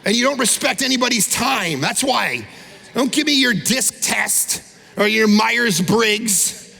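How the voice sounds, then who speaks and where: A middle-aged male pastor preaching with a high, gravelly, forceful voice, punching his points hard. His sermon carries a long reverb, as if it fills a large church hall. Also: expressive, unhurried. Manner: emphatic, swings from loud exhortation to low intense asides.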